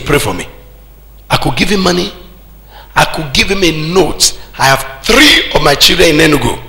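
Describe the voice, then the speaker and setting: An older Nigerian man preaches to his congregation in a bright, gravelly voice that leaps high and drops low. He breaks into sudden shouts and calls for responses. The sound rings around an echoey church hall. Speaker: pastor. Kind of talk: sermon.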